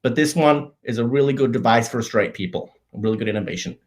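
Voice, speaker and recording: A man hosting a comedy show, explaining obvious everyday things in a mock-earnest, deadpan way, often stopping and restarting his sentences. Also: medium pitch. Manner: halting, frequent restarts and self-corrections. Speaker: show host.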